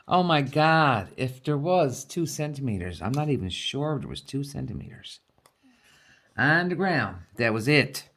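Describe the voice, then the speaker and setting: A woman's voice: extremely low pitch, sing-song, unhurried, fairly bright tone. A woman from Newfoundland with a Newfoundland accent, chatting casually with her viewers while crafting at home and laughing often. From Newfoundland, Canada. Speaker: crafting vlogger.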